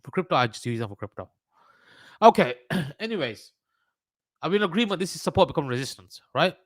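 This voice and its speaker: A man's voice: a little high, very animated, brisk, dry recording, studio quality. A man with a Birmingham accent hosting a trading livestream, talking through charts in a rambling, casual way, swearing and joking with his chat. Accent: Birmingham English.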